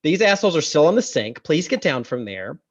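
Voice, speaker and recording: A woman co-hosting a podcast, recapping a film in casual chat, animated and laughing often, swearing in outrage. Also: low-pitched, fairly quick. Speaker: podcast co-host. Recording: slightly dull lo-fi audio.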